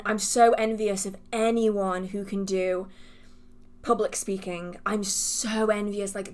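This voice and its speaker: A woman hosting a livestream Q&A, chatting casually with viewers, laughing often and restarting her sentences as she rambles in a self-deprecating way. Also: mid-range voice. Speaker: livestream host answering viewer questions.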